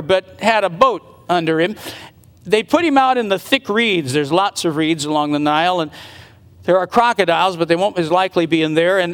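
A man's voice: sits high, fairly bright tone. A man preaching a sermon, retelling a Bible story earnestly and speculating aloud about what happened. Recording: long reverb of a large hall.

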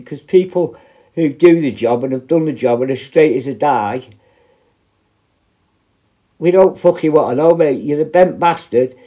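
A man's voice: a little high, dark tone. Angry sweary man ranting. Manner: sweary, confrontational, blunt. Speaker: former prison officer. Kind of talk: angry direct-to-camera rant.

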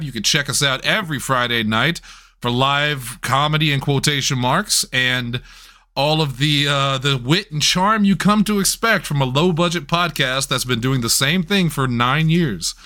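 A man hosting a low-budget live comedy podcast, joking and laughing often. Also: normal speed, bright, forceful tone. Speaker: podcast host. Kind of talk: loose comedy podcast banter. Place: home studio, streamed live.

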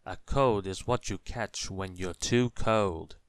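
A man voicing a wise, brisk old wizard with loud, emphatic exclamations, in a storybook read-aloud. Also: lowish voice, animated, no room sound.

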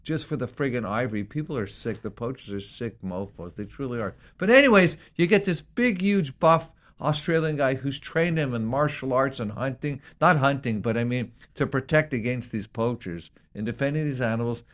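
A man co-hosting a casual talk show, rambling and excitable, with many restarts and repeated words. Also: medium pitch, normal speed, hardly any pauses. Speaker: co-host.

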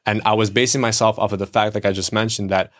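A man's voice: on the low side, level tone, fast. A man co-hosting a podcast, talking through relationship advice in a reflective, casual way with everyday examples. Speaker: podcast co-host. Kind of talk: casual chat.

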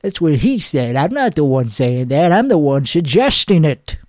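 A man playing a crude, boastful male singer, talking in a hoarse voice with a rambling, profane, cocky manner in a comedic character monologue. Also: fairly high pitch, big pitch swings, normal speed, darkish tone, dry recording, studio quality. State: hoarse from singing.

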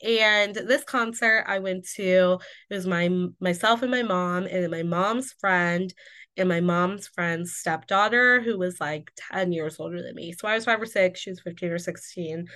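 Woman, twenties, solo podcast host, bubbly and candid, slightly lower pitch, a bit congested from illness. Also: a little slow, a bit bright. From Indiana, USA. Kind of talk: casual solo podcast chat.

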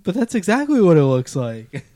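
A man's voice: fairly high pitch, wildly swooping pitch, moderate pace, warm tone, dry recording. A man from Connecticut co-hosting a podcast, laughing often and trading crude jokes in casual chat. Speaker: podcast co-host.

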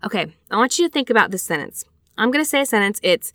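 Bright-voiced chatty woman teaching scripture. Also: medium pitch, big pitch swings, quick pace, no room sound, studio quality. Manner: chatty, conversational, checks in with rhetorical questions. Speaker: podcast host teaching scripture. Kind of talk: casual scripture study lesson.

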